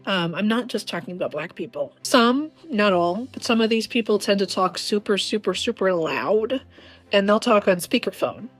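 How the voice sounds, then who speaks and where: A woman from the American South with a rough, strained voice, talking in a casual, blunt opinion monologue full of ums and restarts. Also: medium pitch, animated, normal speed. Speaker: vlogger.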